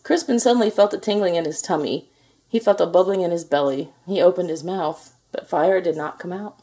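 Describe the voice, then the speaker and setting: A woman reading a children's picture book aloud in a gentle, expressive storytelling manner. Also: fairly low pitch. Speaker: storybook reader.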